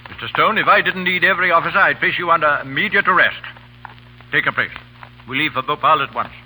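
An actor playing a stern, authoritative older British colonel with clipped speech, in 1940s radio acting style. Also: male voice, a little high, fast talker, bright, forceful tone, slight background noise, low-quality recording. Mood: commanding.

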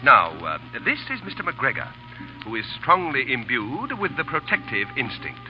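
An actor playing a wry, sardonic British cavalry officer with a dry drawl, in 1940s radio acting style. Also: male voice, medium pitch, huge pitch swings, moderate pace, over music, low-quality recording.

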